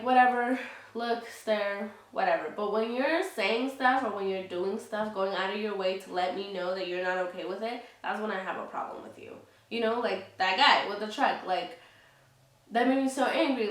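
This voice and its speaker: A woman's voice: mid-range voice, moderate pace, far from the mic. A woman vlogging in a candid, casual way, speaking frankly and heatedly, swearing freely and leaning on fillers like "you know". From Latina heritage. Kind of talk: casual candid vlog talk. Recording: roomy sound, speaker some way from the mic.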